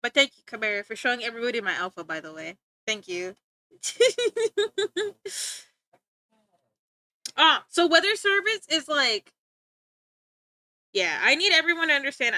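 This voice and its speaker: A woman's voice: sits high, big pitch swings, unhurried, long pauses, pushed and bright, no room sound. A woman live-streaming, chatting casually and teasing her viewers, rambling and often breaking off to giggle. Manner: joking, teasing banter with chat. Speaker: livestreamer.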